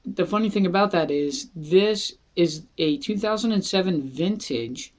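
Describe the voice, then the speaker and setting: An unhurried, easygoing voice from Philadelphia walks through a casual wine review. The reviewer chats and jokes along the way, taking plenty of time between thoughts. The pitch sits in a middle range for the speaker. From Philadelphia, USA. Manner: chatty, jokey, self-deprecating, with laughs. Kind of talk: casual product review vlog.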